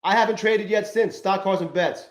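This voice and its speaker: A livestreaming trader man whose voice sits on the higher side. His talk is loose and profane, full of self-directed frustration. Every so often he breaks off to greet viewers in the chat by name. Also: normal speed. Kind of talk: live-stream chat while trading.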